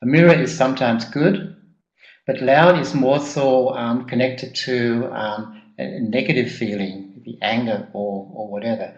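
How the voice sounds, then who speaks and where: A man's voice: medium pitch, steady tone, dull audio. Male seminar trainer, mid-range voice, hesitant and repetitive, recorded live in a reverberant room. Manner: halting, repeats words, many ums. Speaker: personal growth trainer. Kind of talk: live workshop teaching. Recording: echoey room.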